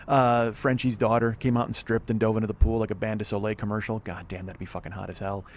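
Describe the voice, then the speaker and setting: A man's voice: lowish voice, little pitch movement, quick pace. A man hosting a solo podcast outdoors by an apartment pool, frustrated and swearing as he rambles. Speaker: podcast host. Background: wind and planes overhead.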